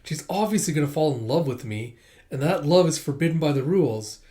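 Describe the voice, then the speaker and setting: A conceited, pretty-boy young male apprentice from a manga who teases his fellows, as a man reading aloud puts him on. The voice sits a little high. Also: lively intonation, a little fast, warm tone, lightly acted. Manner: conceited, teasing.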